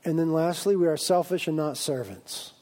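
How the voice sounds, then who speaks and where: A man preaching a sermon as a pastor, lively and humorous, acting out exaggerated voices of his listeners. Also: on the high side, moderate pace. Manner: animated, acts out comic voices of his congregation.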